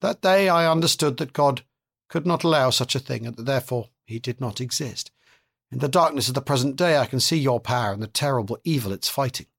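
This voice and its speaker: A man reading aloud plays a strange male holy fool of no fixed age. He speaks in a mournful sing-song and stays earnest. The tone is husky. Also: mid-range voice, lively intonation, brisk, a bit bright, full character voice.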